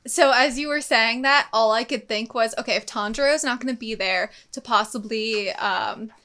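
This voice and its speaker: A woman's voice: a little high, moderate pace, sharp tone. A young woman co-hosting an anime reaction show, talking casually and enthusiastically, thinking aloud with fillers. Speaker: co-host of an anime reaction channel. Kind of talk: casual discussion.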